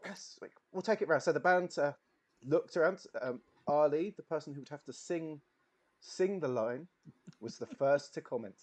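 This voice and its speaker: A man's voice: on the high side, normal speed. A man running and narrating an improvised comedy role-play game, chatty and laughing easily.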